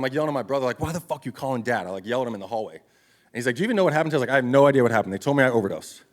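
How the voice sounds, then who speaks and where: A man in his thirties giving a live motivational speech to an audience, telling his life story in a blunt, profane, confessional way. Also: mid-range voice. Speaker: motivational speaker. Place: event stage before an audience.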